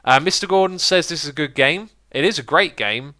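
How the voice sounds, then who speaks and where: A man hosting a gaming livestream in a casual, chatty way, reading viewer messages aloud and thinking out loud as he explains. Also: fairly high pitch, a little fast. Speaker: livestream host.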